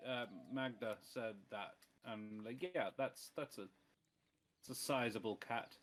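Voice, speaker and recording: A man's voice: medium pitch, fairly even intonation, measured pace, a bit bright, faint music behind. A man playing a tabletop game, chatty and joking as he talks in character. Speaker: player. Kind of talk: casual tabletop play.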